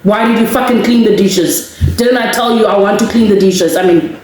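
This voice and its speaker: A woman's voice: medium pitch, moderate pace, darkish tone, heavy reverb, a little hiss or hum, low-quality recording. A woman co-hosting a casual podcast chat, speaking bluntly, teasing and swearing freely. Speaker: podcast co-host.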